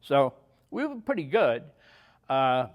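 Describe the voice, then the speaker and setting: A man's voice: mid-range voice, sing-song, slow pace, highs cut off. A man in his seventies, an army veteran, telling personal stories in a plain-spoken way. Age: 70s. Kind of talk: personal war storytelling.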